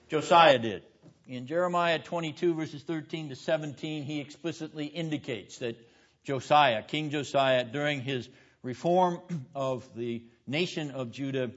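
A man teaching a seminary classroom lecture, stressing his points with rhetorical questions and calling on students by name. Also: mid-range voice. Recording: dull lo-fi classroom recording.

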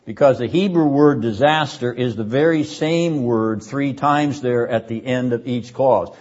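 An older male seminary lecturer works through a text deliberately and emphatically, driving key words home by repeating them and often clearing his throat between points. His voice is medium-pitched and darkish, and the lecture recording is dull and lo-fi.

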